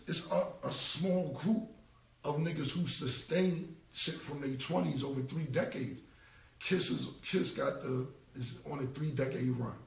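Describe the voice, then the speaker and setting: A man's voice: medium pitch, gravelly, a little mellow. Forty-something guy going off on a phone live, keeps repeating himself, echoey room, mic kinda far. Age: 40s. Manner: emphatic, repeats himself, slangy and profane. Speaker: rapper responding on a livestream. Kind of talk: casual rambling livestream rant. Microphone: phone held away. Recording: roomy echo, voice away from the phone mic.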